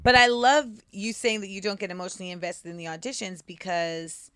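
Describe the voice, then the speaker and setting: A woman's voice: medium pitch, a little fast, a bit bright, a little hiss or hum. A woman hosting a casual chat show, encouraging her guest with short reactions and occasional longer thoughts. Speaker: podcast host.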